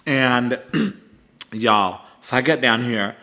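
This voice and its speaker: Dude cohosting, super chatty, keeps saying y'all and girl, bright tone. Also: medium pitch, very slow. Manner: animated, chatty, calls listeners y'all and girl. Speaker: podcast co-host. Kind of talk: casual storytelling chat.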